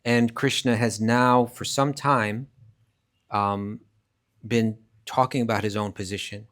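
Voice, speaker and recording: A man's voice: fairly low pitch, fairly even intonation, takes it slowly, a bit bright. A man teaching a live scripture class, explaining emphatically, restarting phrases often and reciting verses in Sanskrit. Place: class at a rural retreat centre.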